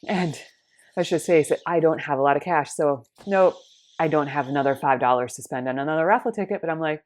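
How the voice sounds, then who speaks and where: A woman telling a personal faith story in an animated way, acting out the dialogue in different voices. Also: deep voice, fairly quick.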